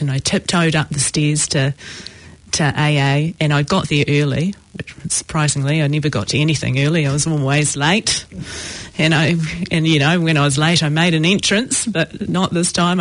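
A woman telling her own recovery story in a reflective, halting way with many pauses. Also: deep voice, dry recording. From New Zealand. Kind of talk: personal testimony.

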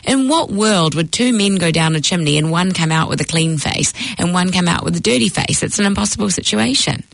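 A woman's voice: lowish voice, lively intonation, fairly quick, vocal fry, no room sound, low-quality recording. A woman voicing a teasing old-world rabbi. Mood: instructive. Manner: didactic, posing riddles. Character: patient, teasing male rabbi teacher.

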